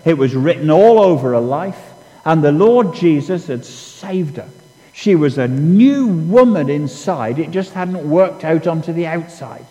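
A man's voice: on the high side, animated, unhurried, dark tone, big-room sound, rough recording. A man preaching a sermon, telling stories in a conversational, self-deprecating way with many restarts. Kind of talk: sermon with storytelling.

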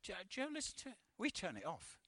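A man gives a chatty sermon, his voice high and bright. He stumbles and restarts, then acts out the quoted voices. The sound is dry and close. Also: wildly swooping pitch, quick pace, no room sound. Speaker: preacher.

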